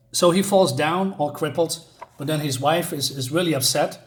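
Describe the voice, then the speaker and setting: A man's voice: a little high, moderate pace. A man giving a casual spoken comic review, hesitant with many restarts and enthusiastic asides.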